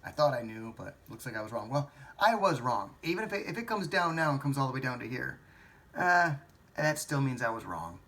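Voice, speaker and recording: Bright-voiced man talking stocks to himself. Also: medium pitch, very animated, a little fast. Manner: rambling, self-questioning, swears. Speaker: stock trading vlogger. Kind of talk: thinking-aloud market commentary.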